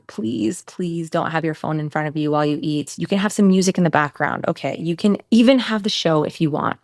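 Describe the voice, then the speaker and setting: This woman hosts her podcast alone and races through it, frank and salty, with offhand asides. Her voice sits on the lower side for a woman. The close mic sounds dry, with the room adding almost nothing. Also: no room sound. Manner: fast, blunt, swears freely, animated asides. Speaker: podcast host, nutrition coach. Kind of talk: casual solo podcast Q&A.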